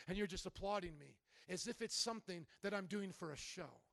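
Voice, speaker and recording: High-voiced impassioned male preacher. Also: a little fast, vocal fry, few pauses, a bit bright, no echo, clean studio sound. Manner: impassioned, asks the congregation questions. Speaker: pastor. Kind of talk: sermon.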